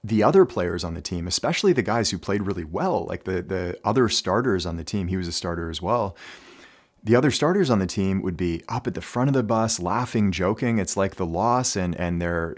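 A man talking earnestly to young basketball players, telling a story as a coach. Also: low-pitched. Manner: earnest storytelling, with occasional light laughs. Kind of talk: motivational talk to camera.

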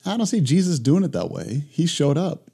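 A middle-aged man, a guest in a remote interview, telling stories in a lively conversational way and acting out both sides of his conversations. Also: a little high, moderate pace, breathy edge. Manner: animated storyteller who acts out both sides of conversations. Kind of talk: reflective conversational storytelling.

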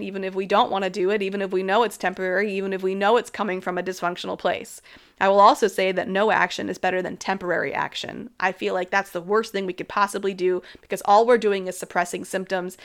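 A woman's voice: mid-range voice, fairly bright tone. A woman in her thirties talking alone as a host in a casual way about health and habits, frank and chatty, filling her speech with "like" and laughing often.

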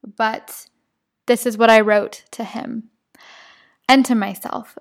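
A woman's voice: on the high side, little pitch movement, slow, creaky, pauses often. A young pregnant woman hosting her own podcast, chatting about her life and tearfully reading a journal entry, laughing through tears. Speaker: podcast host.

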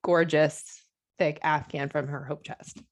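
Chatty woman, lowish voice, rambling stories. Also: little pitch movement, measured pace. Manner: rambling storyteller with frequent laughs and "like" fillers. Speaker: podcast co-host; homeschooling parent. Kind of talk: casual chat.

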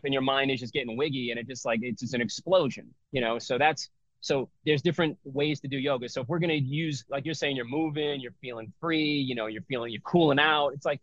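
A middle-aged man in a casual interview, explaining his breathwork and yoga teaching in a loose, rambling way with lots of fillers and restarts. His voice sits at an ordinary pitch. The recording is dry and slightly dull. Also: fast talker, fairly bright tone, dry recording.

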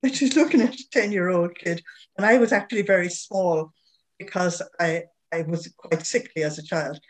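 A woman's voice: fairly low pitch, normal speed. An older woman with an Irish accent telling a personal story as an interview guest, anecdotal, with frequent chuckles. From Ireland.

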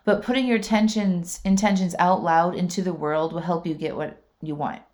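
Chatty woman with a lower voice. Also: steady tone, moderate pace, a little mellow. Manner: chatty, lots of fillers and asides to listeners; laughs often mid-sentence. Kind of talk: casual personal storytelling.

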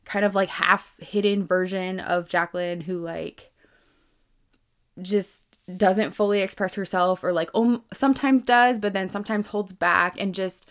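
A woman around thirty hosting a podcast, talking casually in a self-help monologue, full of "like" and free swearing, with emphatic jumps in pitch and loudness. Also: fairly even intonation, unhurried, clear, resonant tone. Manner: chatty, lots of "like", swears freely, emphatic swings in pitch and loudness. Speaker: podcast host.

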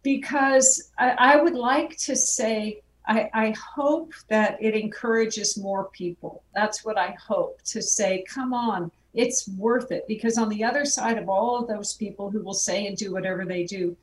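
A woman's voice: medium pitch, steady tone, normal speed, few pauses. A woman who is a guest filmmaker, speaking in a heartfelt, reflective way in an interview. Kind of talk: conversational interview. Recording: roomy and distant, faint background noise.

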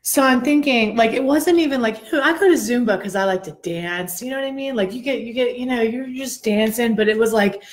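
A woman co-hosting a podcast, telling a story in a chatty, animated way and addressing listeners directly, a little out of breath. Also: on the high side, brisk, few pauses. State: slightly out of breath. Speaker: podcast co-host. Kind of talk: casual storytelling chat.

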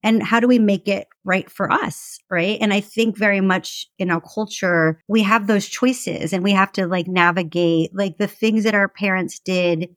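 A woman talking as a podcast guest and author, chatty and animated, with lots of fillers. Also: medium pitch, moderate pace, few pauses, no room sound, studio quality. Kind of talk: casual conversational interview.

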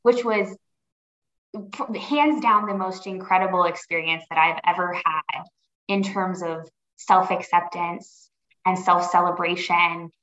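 A woman telling her personal story as a podcast guest, earnest and reflective, often pausing to rephrase. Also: lowish voice, bright, forceful tone. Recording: roomy, dull lo-fi audio.

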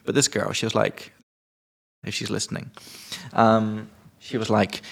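Gravelly-voiced man joking around. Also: on the low side, monotone, unhurried. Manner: joking, swears casually. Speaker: podcast host and English teacher. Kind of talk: casual podcast chat teaching vocabulary.

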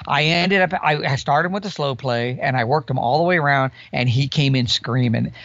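A man in his sixties, a guest on a podcast, telling an animated story about the outdoors, sometimes imitating animal calls. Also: mid-range voice, fairly quick, gravelly, no room sound, lo-fi sound. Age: 60s. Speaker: guest elk hunter.

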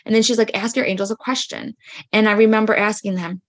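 A woman's voice: medium pitch, steady tone, fast talker. A woman podcast host chatting through personal spiritual stories, full of fillers like "like" and "freaking". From United States. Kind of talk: casual storytelling monologue.

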